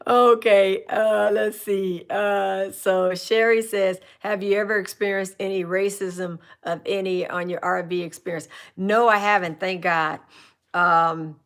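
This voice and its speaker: A woman's voice: mid-range voice, steady tone, a little slow. A woman from California hosting a casual live chat from her RV, answering viewers' questions in a rambling, chatty way with restarts and asides.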